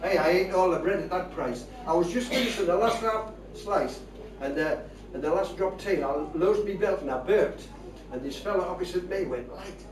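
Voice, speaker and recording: Speaking at a moderate pace in a voice that sits high, an older Geordie comedian spins stage yarns, chatty and rambling with a broad northern lilt. His live set is recorded distantly in an echoey room, and the crowd can be heard laughing.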